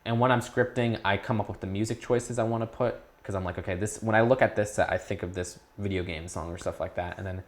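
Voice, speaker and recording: A young man in his teens talking casually as an interview guest, rambling with restarts and perking up when excited. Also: on the low side, quick pace, few pauses. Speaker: YouTube creator, guest.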